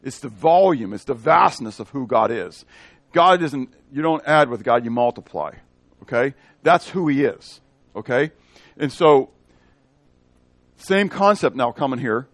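Speaking at a measured pace in a mid-range voice, a pastor goes through the text verse by verse in an expository sermon, and there's no room sound. He shifts voices to act out the dialogue and keeps asking his congregation questions in an animated way.

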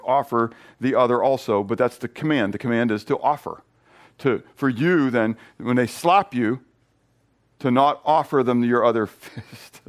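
Lively preaching man, mid-pitched voice. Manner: lively preaching with playful asides and sudden swings in loudness; restarts and repeats words mid-thought. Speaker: pastor. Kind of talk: sermon.

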